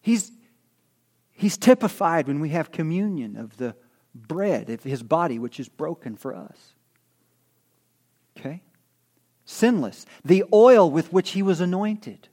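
A middle-aged man delivering an expository sermon, his voice sitting a touch high for a man. He talks to the congregation casually, often pausing to ask "okay?" and restarting his sentences as he works through the text. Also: sing-song, mellow. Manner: conversational, self-correcting, asks the congregation "okay?". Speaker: pastor.

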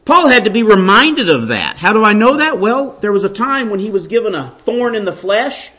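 A middle-aged man preaching a sermon, swinging from hushed to loud and asking his listeners pointed questions. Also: high voice, big pitch swings, moderate pace.

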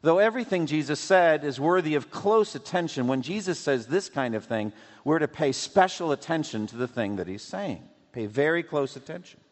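A man's voice: a little high, expressive. Emphatic male preacher in an echoing hall. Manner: measured, emphatic Bible teaching. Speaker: pastor. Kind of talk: sermon. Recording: long hall reverb.

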